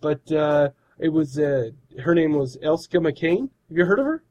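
A man's voice: fairly high pitch, expressive, normal speed, darkish tone, rough recording. A man co-hosting a podcast, telling stories in a rambling, casual way and laughing often. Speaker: podcast co-host. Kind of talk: casual chat.

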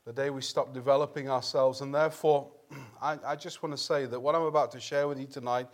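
A man preaching an evening sermon in a church, earnest and conversational, clearing his throat and restarting phrases now and then. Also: mid-range voice, steady tone, brisk.

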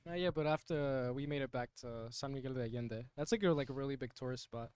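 A man's voice: mid-range voice, fast, a little mellow, clean tone, no room sound. A young man in casual chat with friends, rambling through a travel story with lots of fillers. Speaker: friend back from a trip.

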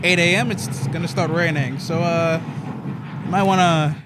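A man's voice: fairly high pitch, steady tone, normal speed, very noisy. A man co-hosting a morning show, making hammy introductions and reading the weather. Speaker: host, weather reader. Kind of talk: casual chat.

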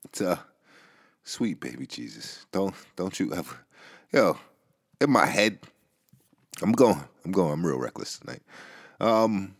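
A man's voice: deep voice, very animated, measured pace, long pauses, breathy edge. A man hosting a casual podcast monologue. He talks in a loose, rambling way, with many fillers, restarts and profanity, and gets heated at times. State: relaxed from smoking. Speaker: podcast host. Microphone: home podcast mic.

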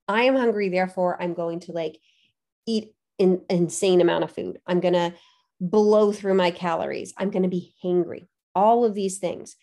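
A woman's voice: medium pitch, a little mellow. A woman in her forties, a fitness coach, talking earnestly and posing rhetorical questions to her listeners. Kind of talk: podcast-style coaching talk.

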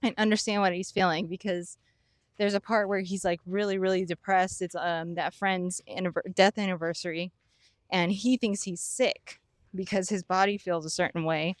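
A woman's voice: lowish voice, fairly even intonation, moderate pace, no echo, studio quality. A young woman co-hosting a podcast, rambling with many "like" fillers and breaking into giggles. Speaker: podcast co-host. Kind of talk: casual chat.

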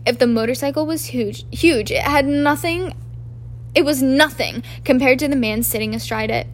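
A woman reading a book aloud as an amateur narrator, in a halting way with frequent restarts. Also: high-pitched, a little hiss or hum. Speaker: audiobook narrator. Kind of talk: audiobook reading.

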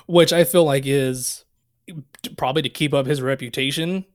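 A podcast co-host casually recaps movie scenes, quoting the dialogue complete with swearing. He has a mid-range voice, fairly even intonation, and a moderate pace.

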